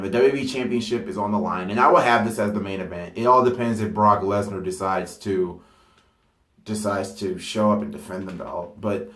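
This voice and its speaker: A man talking casually and excitably about a wrestling storyline, rambling with fillers and stopping to correct himself. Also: lowish voice. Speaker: wrestling fantasy-booking vlogger. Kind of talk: casual unscripted monologue. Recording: roomy echo.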